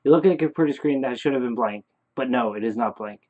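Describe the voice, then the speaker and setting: Man, mid pitch, reads a horror game aloud, halting, phone-like tinny audio. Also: darkish tone, a little hiss or hum. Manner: halting, corrects his own slips. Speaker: player reading a text horror game. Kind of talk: reading aloud with asides.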